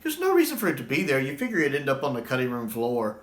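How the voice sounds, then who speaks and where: A man in casual fan commentary, enthusiastic and animated whenever he repeats a favorite line. His voice sits mid-range. The room around him is echoey. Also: mid-range voice, fast. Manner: enthusiastic, animated when quoting lines. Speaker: YouTube commentator. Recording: roomy echo.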